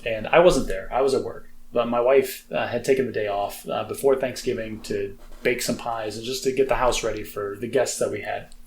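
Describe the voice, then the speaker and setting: A man's voice: medium pitch, fairly even intonation, a little fast, few pauses, a little hiss or hum. An American man co-hosting a podcast, talking in a chatty, self-deprecating way with lots of fillers. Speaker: podcast co-host. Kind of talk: casual chat.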